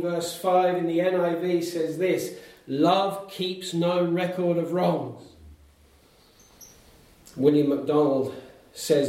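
A man's voice: on the high side, a little mellow. Echoey, distant male preacher. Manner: emphatic, rhetorical questions, numbered points. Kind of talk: sermon. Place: church hall with congregation. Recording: very echoey hall, picked up from afar.

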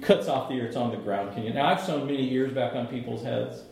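A middle-aged man preaching a sermon, telling the story in an animated way, with humor and asides to the congregation. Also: mid-range voice, fast, creaky. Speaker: pastor. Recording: echoey church hall.

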